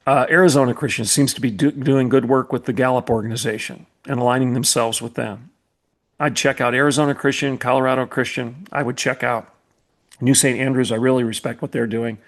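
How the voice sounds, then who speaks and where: A man's voice: medium pitch, steady tone, a little fast. A middle-aged man hosting a podcast, delivering an impassioned commentary monologue with an emphatic, repetitive, preacherly cadence. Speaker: podcast host, former college president.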